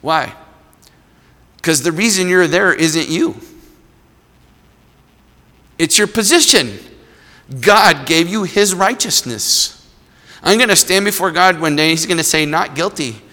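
A man's voice: sits high, lively intonation, slow pace, long pauses, sharp tone. A man preaching a sermon in a conversational way, acting out small voices in his stories. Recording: long hall reverb.

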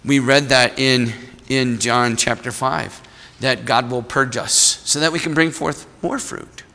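A man's voice: medium pitch, steady tone, unhurried, creaky, sharp tone. A man preaching a sermon in a conversational way, acting out small voices in his stories. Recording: long hall reverb.

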